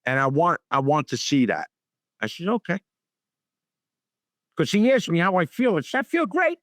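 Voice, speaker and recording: An older man recounts stories from his career as a guest on an interview show. He is animated and acts out the voices of the people in his tales. His voice sits fairly high, and the recording is close and dry. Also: fairly quick, no room sound. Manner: animated anecdote-teller acting out dialogue. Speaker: actor guest. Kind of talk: storytelling interview.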